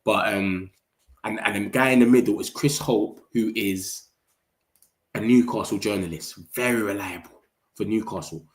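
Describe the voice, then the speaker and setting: A man, talking excitably in slang as a football fan streamer and reacting to his chat. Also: on the low side, normal speed. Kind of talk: casual livestream commentary. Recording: roomy echo.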